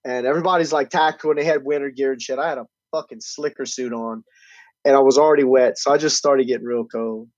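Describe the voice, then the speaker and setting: A man telling stories in casual, profane podcast chat, animated and loud on quoted lines. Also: medium pitch, fast talker, no room sound. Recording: dull, dry lo-fi recording.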